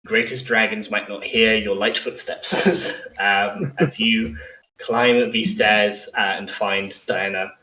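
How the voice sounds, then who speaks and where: A man running a tabletop game as game master, his voice bright and ringing. He sets scenes and calls for dice rolls with frequent laughs. He sounds a little away from the mic in an echoey room. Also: on the low side, takes it slowly, distant mic, a little hiss or hum. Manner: narrates scenes and voices characters, laughs often.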